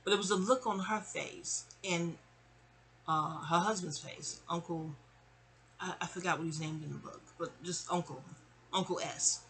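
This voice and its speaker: A woman's voice: on the low side, normal speed, slight background noise. A woman, telling a casual, rambling family story. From New York City. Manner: chatty, animated, digressive.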